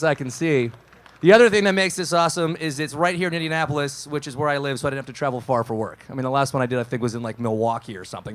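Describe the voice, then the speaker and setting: A man hosting a live radio show in front of an audience, joking and self-deprecating as he works the crowd. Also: fairly high pitch. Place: live event floor with an audience.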